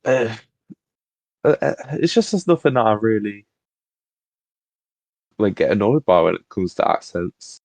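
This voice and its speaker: A man's voice: lowish voice, very animated, a little slow, long pauses, darkish tone, dry recording. A young man from England co-hosting a podcast in casual chat, hesitant but blunt, with some swearing. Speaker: podcast co-host.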